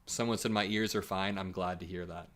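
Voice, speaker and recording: A man's voice: low voice, brisk, loud music behind the voice. Joking male livestream commentator. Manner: energetic, joking, laughs often. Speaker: political commentary streamer.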